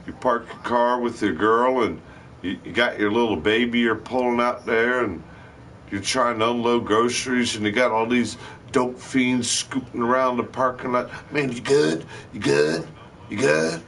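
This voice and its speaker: A man's voice: mid-range voice, steady tone, normal speed, fairly bright tone, a little hiss or hum. A middle-aged man hosting a live stream, telling rambling, profane stories in casual chat. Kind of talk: casual storytelling.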